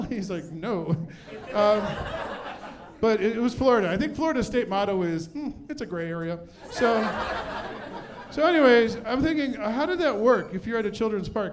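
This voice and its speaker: A middle-aged man doing a self-deprecating stand-up comedy set on a club stage with a handheld mic. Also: sits high. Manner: self-deprecating, punchy delivery.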